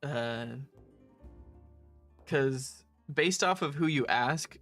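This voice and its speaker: A man's voice: on the high side, extremely slow, fairly bright tone, no room sound, faint music behind. Chatty man in his twenties streaming. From West Coast of the United States. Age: 20s. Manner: chatty, laughs often, reads out chat. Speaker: stream co-host. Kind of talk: casual livestream chat.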